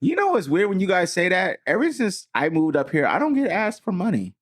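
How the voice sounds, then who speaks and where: A man chatting on a podcast with a husky voice, talking fast. His pitch jumps around as he jokes and cuts in on the others. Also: wildly swooping pitch. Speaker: podcast co-host. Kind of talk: casual chat.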